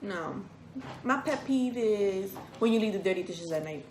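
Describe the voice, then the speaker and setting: A woman co-hosting a casual vlog while eating, animated and acting out the lines she quotes in quick bursts. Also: mid-range voice, echoey room, background noise. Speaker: vlog co-host.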